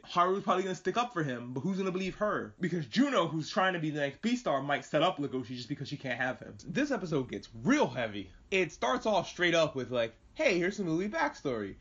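A man hosting a podcast, giving a casual anime episode recap, animated and swearing freely as he acts out characters' lines. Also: fairly high pitch, lo-fi sound. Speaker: podcast host.

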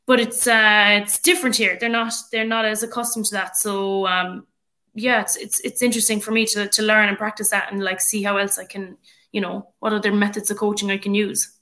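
A woman's voice: mid-range voice, little pitch movement, a little fast, sharp tone. A woman with an Irish accent, a rugby player and coach, chatting casually as a podcast guest with many fillers. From Ireland.

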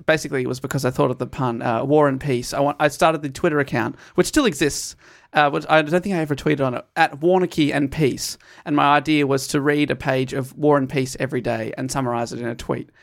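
A man's voice: fairly high pitch, gravelly. A man hosting a book podcast in casual, jokey chat. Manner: jokey, chatty, laughs often. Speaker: podcast host.

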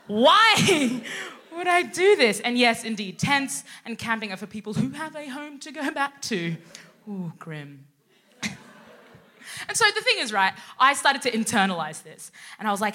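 Brief: a female co-host doing a stand-up set, bright and high-pitched, animated and cheeky. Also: normal speed. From Sudan, raised in Australia. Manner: animated, swearing, acting out quotes. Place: live show on a stage.

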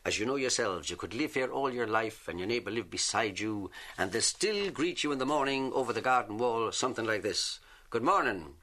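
An Irish man, a comedian, telling jokes and stories in a lively stand-up manner. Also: mid-range voice, brisk, hardly any pauses. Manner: lively storyteller, drawls punchlines.

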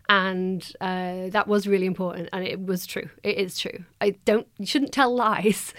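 A woman in her thirties talks as a podcast guest, spinning anecdotes with an easy laugh. Her voice sits at a middling pitch and is recorded dry, with no room sound. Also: dry recording. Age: 30s. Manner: lively storyteller, quick to laugh. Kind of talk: casual chat.

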